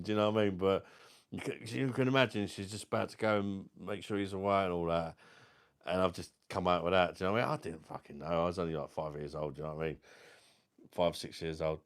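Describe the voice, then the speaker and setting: A man's voice: sits low, fairly quick, smooth. A man in his thirties telling rambling personal stories in casual chat, swearing freely and often checking in with his listener. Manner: keeps saying "do you know what I mean". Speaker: beer review vlogger.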